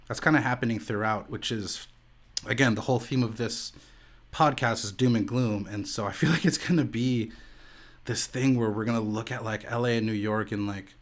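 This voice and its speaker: Young man, casual stream chat, relaxed rambling, filler-heavy, at home. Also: mid-range voice. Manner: laid-back, rambling, heavy use of "like" and "dude". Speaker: streamer and podcast host. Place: home room.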